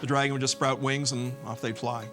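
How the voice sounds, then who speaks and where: A man's voice: medium pitch, level tone, a little fast, over music. A man in an interview speaking fondly and thoughtfully about cartoon characters.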